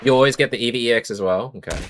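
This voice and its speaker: A young Australian man streams a card game, chatting casually with viewers and thinking aloud about his moves. His mid-range voice races along, with a little hiss or hum in the audio.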